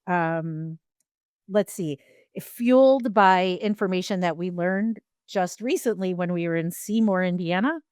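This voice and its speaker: A woman's voice: fairly low pitch, unhurried, darkish tone, clear, resonant tone, no echo, clean studio sound. A woman co-hosting a podcast in casual chat, frank and rambling, with many ums and restarts.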